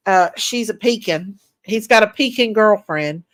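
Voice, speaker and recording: A woman hosting a casual livestream. She reads viewer comments aloud, greets people by name and gushes with excitement. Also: medium pitch, measured pace, no room sound. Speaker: livestream host. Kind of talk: casual live chat reading viewer comments.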